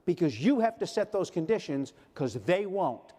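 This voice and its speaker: An older man with a fairly high voice delivers a motivational keynote to a large audience. He tells stories and briefly acts out the voices of the people in them. His words ring out with a long reverb through the hall. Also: big pitch swings, moderate pace, warm tone. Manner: storytelling, acts out quoted voices. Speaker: keynote speaker. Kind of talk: motivational speech.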